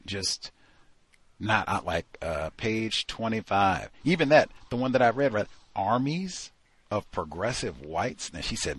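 Deep, husky-voiced man critiquing a book. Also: very animated, a little slow, fairly bright tone. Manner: exasperated, sarcastic, with many fillers. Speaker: podcast host. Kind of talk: critical book review commentary.

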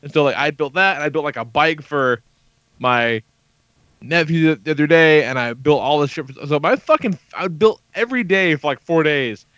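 Fairly high-pitched and fairly bright, this podcast host's voice runs at normal speed with no room sound. In his thirties, he tells a story in casual, profane talk full of quoted dialogue, captured in dull lo-fi podcast audio.

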